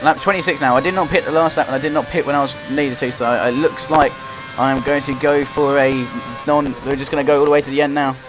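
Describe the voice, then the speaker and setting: A young man giving running play-by-play commentary while playing a racing game, getting excited and frustrated as he drives. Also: a little high, quick pace. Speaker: gaming commentator. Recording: loud game music behind the voice. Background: game music and engine noise.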